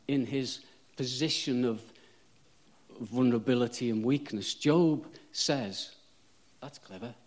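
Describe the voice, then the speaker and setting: A man's voice: medium pitch, darkish tone. A man preaching a sermon, chatty and self-deprecating, rising to fervent emphasis on repeated phrases.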